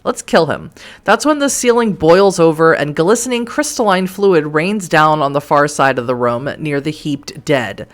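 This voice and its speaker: A woman's voice: deep voice, moderate pace, hardly any pauses. A woman streamer reading a game's text aloud, with exasperated asides. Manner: dramatic reading broken by exasperated asides and laughs. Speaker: let's play streamer.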